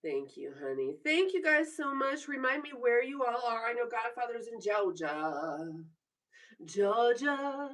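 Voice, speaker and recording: A woman's voice: fairly high pitch, very animated, normal speed, few pauses, a bit bright, far from the mic. A woman in her forties chatting casually on a live stream from her bedroom, teasing viewers and laughing often as she reads their comments. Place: home bedroom.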